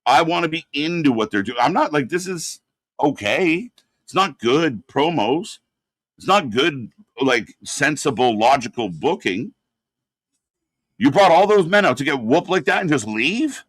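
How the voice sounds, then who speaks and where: A man's voice: on the high side, expressive, a little slow, fairly bright tone, dry recording. A man hosting a live watch-along, reacting and critiquing in a rambling, exasperated way with lots of fillers. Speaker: host.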